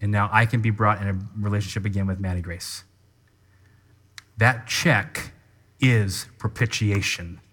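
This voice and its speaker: A man preaching a sermon as pastor, teaching in an animated way and calling people up to act out an example. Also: lowish voice, measured pace, pauses often. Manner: animated teaching with live demonstration.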